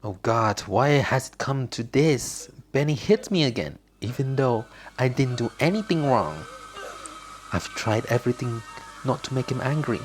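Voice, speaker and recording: A man's voice: mid-range voice, lively intonation, moderate pace, lightly acted. A man voicing a wronged wife in a game, speaking in a raised, upset way. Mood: grieving. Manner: upset, pleading. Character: stern grown woman, a wronged, tearful wife.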